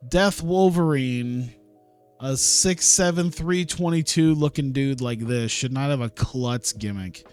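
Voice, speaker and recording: A man's voice: medium pitch, measured pace, a little mellow, clean tone, faint music behind. A man casually talking through a wrestling management game on a live stream, thinking aloud, chuckling and swearing now and then. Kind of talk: casual gaming stream commentary.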